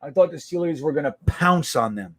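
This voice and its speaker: A man's voice: fairly high pitch, lively intonation, fairly quick, dry recording. A man hosting a casual live stream, reading viewer comments aloud with a blunt, profane, reactive manner.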